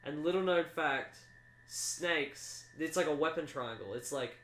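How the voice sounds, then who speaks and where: A man's voice: fairly high pitch, unhurried, a bit bright. Rambling playful man in an echoey room. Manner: rambling, playful, acts out silly voices. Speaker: podcast co-host. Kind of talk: casual comedic chat.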